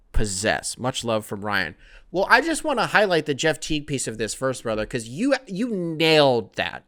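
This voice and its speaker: With a mid-range, slightly bright voice, a man hosting a podcast works through listener mail in a relaxed, chatty manner. His delivery wanders and is laced with profanity, and he describes himself as scatterbrained.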